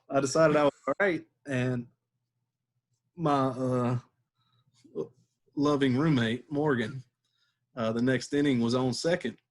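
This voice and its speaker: Laid-back man telling a story. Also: medium pitch. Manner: laid-back, laughs while telling stories. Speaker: podcast guest, former catcher. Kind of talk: casual storytelling.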